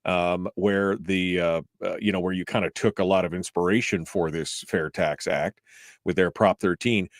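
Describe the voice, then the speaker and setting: A man hosting a talk show, upbeat and chatty, often pausing on "uh" as he talks. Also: deep voice, fairly even intonation, dry recording, clean studio sound. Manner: upbeat, chatty, with frequent uh fillers. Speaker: radio show host.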